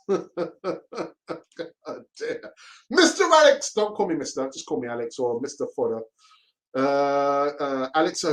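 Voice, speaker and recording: With a fairly high, sing-song voice and a measured pace, this fan-channel host reads live chat aloud. He laughs throughout and mocks the messages by acting out pleading tones.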